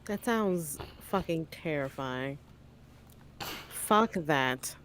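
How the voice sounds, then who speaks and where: A woman's voice: deep voice, animated, extremely slow, fairly bright tone, a little hiss or hum. A woman on a podcast reacting bluntly to stories, swearing casually. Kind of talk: casual chat.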